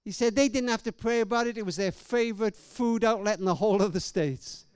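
A man's voice: sits high, fairly quick, clean tone, dry recording, clean studio sound. A man preaching a sermon, telling a story emphatically and dramatically, often restarting his sentences.

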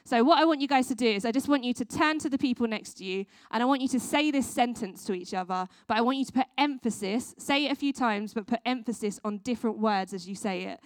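A woman's voice: a little high, fast, few pauses, dry recording, studio quality. A woman who works with children, giving a casual training talk to church volunteers, with lots of ums and restarts. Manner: chatty, many ums, restarts. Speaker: children's worker.

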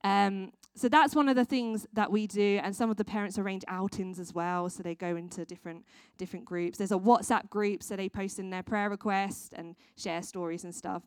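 Her mid-range voice is steady, clear and resonant, moving at a moderate pace with few pauses, captured in clean studio sound without echo. A children's worker, she chats through a casual training session for church volunteers with many ums and restarts.

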